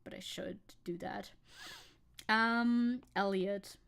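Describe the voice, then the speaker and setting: A woman's voice: medium pitch, fairly even intonation, takes it slowly, gravelly, fairly bright tone, smooth. A young woman streaming as a VTuber, chatting casually and rambling, often giggling and reading chat aloud.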